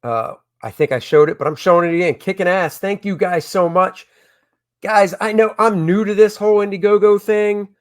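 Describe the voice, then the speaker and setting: A man who makes comics, chatting excitedly with viewers on a casual crowdfunding livestream from home. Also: sits high, normal speed. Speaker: comic creator hosting a crowdfunding stream.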